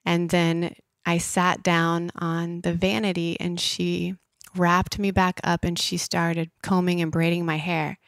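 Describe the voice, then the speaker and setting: A woman in her thirties shares a deeply personal story as a podcast guest. Her voice sits a little low and sounds dry and close. She leans on "like" and sometimes drops into a soft hush. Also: level tone, takes it slowly, no echo. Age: 30s. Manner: emotional, frequent "like" fillers, soft hushed inner voice at times.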